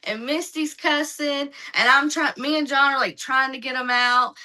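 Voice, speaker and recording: A woman's voice: high-pitched, moderate pace, rough recording. A woman guest on a podcast telling stories casually and animatedly, acting out what other people said. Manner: lively, acts out other people's lines in her retelling. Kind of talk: casual storytelling.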